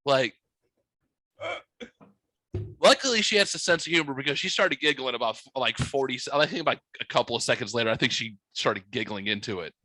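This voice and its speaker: A man's voice: mid-range voice, lively intonation, a little fast, pushed and bright, no echo, low-quality recording. A young man hosting a podcast, telling a story in a joking, profane, smart-aleck way. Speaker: podcast host. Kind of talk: casual storytelling.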